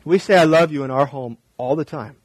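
A man in his thirties preaching a sermon, swinging from hushed, intimate talk to raised, emphatic repetition. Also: a little high, fairly quick, no room sound, rough recording. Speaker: pastor.

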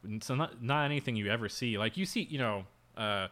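A young man chatting on a podcast with a bright, forward tone. He rambles through his story, packing it with "like" and "um," circling back and restarting as he goes. It's loose, easygoing banter between co-hosts. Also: medium pitch, a little fast. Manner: rambling, filler-heavy storytelling with frequent laughs. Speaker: podcast co-host. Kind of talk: casual chat.

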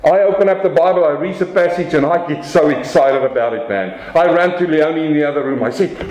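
A man preaching a sermon as pastor, animated, slowing down for emphasis and swinging his voice up and down to make his points. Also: echoey room, rough recording. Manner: animated preaching with dramatic pitch swings and slow emphatic phrases.

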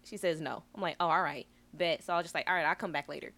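A woman co-hosting a podcast, telling a story in a lively, slangy way and acting out both sides of phone calls. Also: deep voice, fast. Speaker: podcast co-host. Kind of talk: casual chat.

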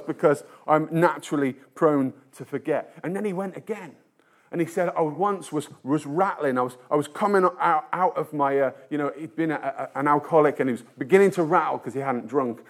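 With a slightly high voice, a man delivers a sermon in a chatty, storytelling style. His self-deprecating talk is full of hesitations and restarts.

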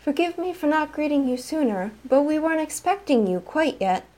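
A woman voicing a young male bellboy, polite and impish, with a warm sing-song manner. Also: high voice, expressive, moderate pace, voice pushed up. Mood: welcoming. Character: tall thin young bellboy, impish but gentle.

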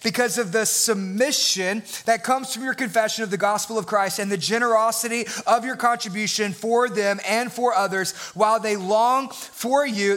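A man's voice: sits high, fairly bright tone. A male pastor preaching a sermon with passion, building his points through repeated phrases.

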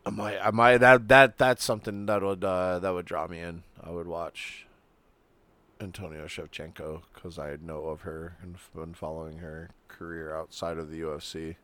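Hoarse, profane podcast co-host man. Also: low-pitched, little pitch movement, normal speed, a bit bright. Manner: loose, profane, stumbling over names. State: losing his voice, hoarse. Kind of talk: casual chat.

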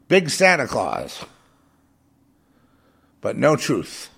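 Man preaching on air, slow and gravelly, fervent and scornful, says stuff over and over. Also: mid-range voice, big pitch swings. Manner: fervent, scornful, repeats phrases for emphasis. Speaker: radio preacher. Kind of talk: impassioned preaching monologue.

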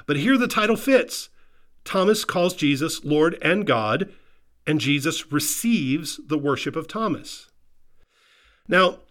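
This pastor's voice sits a little high and sounds a bit bright as he delivers an earnest sermon. He hammers points home by repeating phrases and puts questions directly to the congregation.

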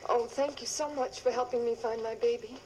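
Picture a tearful, breathless mother in a television drama, her voice pitched very high and catching as she cries, played by an actress. She speaks softly and emotionally, overwhelmed by relief. A faint hiss of noise sits beneath her voice. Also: fairly even intonation, a little fast, lightly acted, low-quality recording. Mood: grateful. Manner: breathless, emotional, soft-spoken. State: crying. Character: tearful mother reunited with lost daughter. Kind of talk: TV drama acting.

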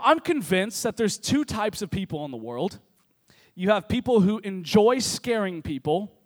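A man preaching a lively sermon to a congregation, telling funny stories. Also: sits high. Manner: energetic, joking storyteller. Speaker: pastor. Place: church service with congregation.

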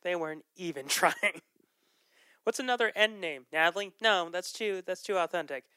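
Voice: medium pitch, normal speed, sharp tone, clean tone, no echo. A podcast host in a casual movie chat, talking loosely with ums and frequent laughs. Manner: chatty, laughs often, trails off with ums.

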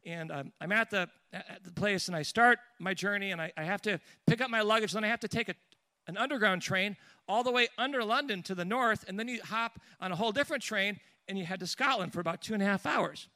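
A man preaching and telling a lively personal story, with restarts and asides along the way. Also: sits high, fast talker, dry recording. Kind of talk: storytelling sermon.

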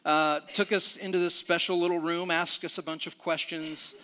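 A man's voice: on the high side, level tone, normal speed, sharp tone, smooth, big-room sound. A middle-aged man preaching a sermon in a church, talking conversationally with restarts and questions to the room. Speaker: pastor. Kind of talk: sermon with a personal story.

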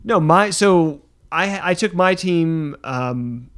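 A man co-hosting a podcast, joking dryly in casual banter and often halting with fillers. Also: on the high side, expressive, fairly bright tone. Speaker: podcast co-host.

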